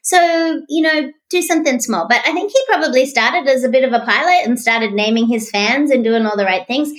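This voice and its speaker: Animated higher-voiced woman telling stories. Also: brisk. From from outside the US. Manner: animated storyteller, acts out voices. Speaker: author and guest. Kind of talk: storytelling interview talk.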